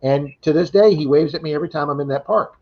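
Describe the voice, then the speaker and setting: A man tells a story in quick bursts on a casual livestream chat, his voice sitting a little high. He keeps things lively and acts out what others said. The sound is a bit dull and lo-fi. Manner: animated retelling, acting out quoted voices. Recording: slightly dull lo-fi livestream audio.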